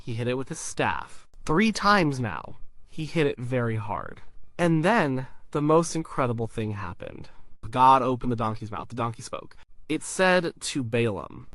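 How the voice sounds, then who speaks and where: A man's voice: medium pitch, sharp tone, no echo. A man narrating a Bible story in short, simple sentences with emphatic repetition.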